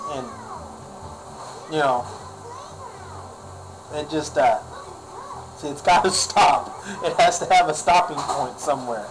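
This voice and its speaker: A man's voice: a little high, normal speed, long pauses, a little hiss or hum, low-quality recording. A man ranting in a casual vlog, exasperated and sarcastic, often repeating himself. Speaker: vlogger.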